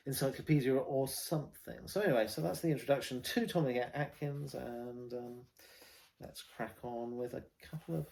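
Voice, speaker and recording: Gravelly home-counties Englishman rambling about poems. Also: mid-range voice, darkish tone. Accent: Southern English, home counties. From England. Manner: rambling, many ums and restarts. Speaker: vlog host reading war poetry. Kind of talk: casual spoken vlog with poetry readings.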